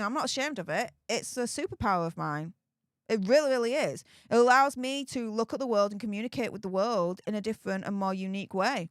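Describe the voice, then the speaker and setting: A British woman hosting a live stream, chatting casually, laughing often and reading out viewer comments in a frank, animated way. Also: a little high, no room sound, studio quality. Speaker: livestream host reading viewer chat.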